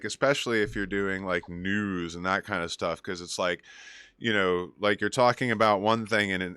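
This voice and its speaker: A DJ hosting a casual music show rambles through advice and stories, full of fillers and restarts. His voice sits on the low side, bright and forceful, smooth, with no room sound.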